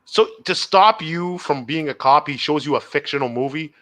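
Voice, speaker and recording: Young man, podcast co-host, bright and lively voice, fairly high pitch, animated storytelling. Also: moderate pace. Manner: animated, laughing, quotes himself in a higher voice. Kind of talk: casual comedic storytelling.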